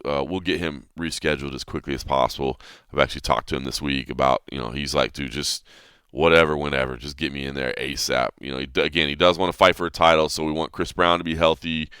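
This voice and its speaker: Deep, smooth-voiced male podcast host. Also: no echo, clean studio sound. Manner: rambling, animated, corrects himself mid-sentence. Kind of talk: casual podcast commentary.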